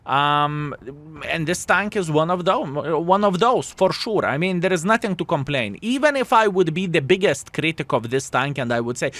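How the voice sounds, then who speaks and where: A man with a Lithuanian accent doing lively, playful gameplay commentary and talking straight to his viewers. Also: on the high side, normal speed, dry recording. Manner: animated, playful, addresses viewers as fellas. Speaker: gaming YouTuber.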